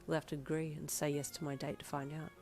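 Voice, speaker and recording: A woman reading a fan story aloud, voicing a teenage boy who talks softly and teasingly, with an air of mystery. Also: deep voice, flat delivery, quick pace, soft background music.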